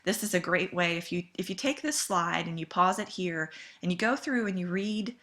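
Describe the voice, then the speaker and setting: A woman instructor giving a recorded lecture over slides, calm and measured, stressing key words deliberately. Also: fairly low pitch. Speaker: course instructor.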